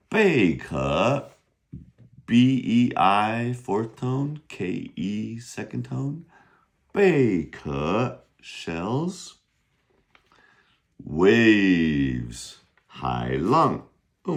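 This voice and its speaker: In a relaxed, patient lesson, a man teaches Mandarin vocabulary, slowly modeling how each word is pronounced. His pitch leaps about lively, with high bursts whenever he demonstrates the Chinese tones.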